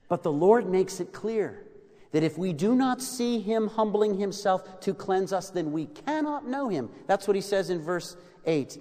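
A man preaching a sermon, rising to loud emphatic lines and dropping to hushed ones. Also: high voice, sing-song, unhurried. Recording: long hall reverb.

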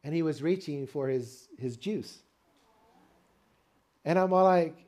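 Warm-voiced preaching grandfather. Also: on the high side, slow pace, long pauses. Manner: animated storytelling preacher with call-and-response. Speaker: pastor. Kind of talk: sermon.

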